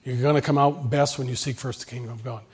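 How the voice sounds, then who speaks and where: A man's voice: medium pitch, fairly even intonation, quick pace, a little mellow, husky. A man preaching a sermon with an emphatic, repetitive cadence. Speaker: pastor.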